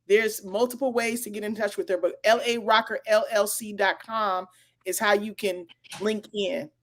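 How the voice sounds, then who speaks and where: A woman hosting a casual livestream interview, speaking in a relaxed way as she winds the show down and points viewers to her guest's contacts. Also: mid-range voice, moderate pace. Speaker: interview host.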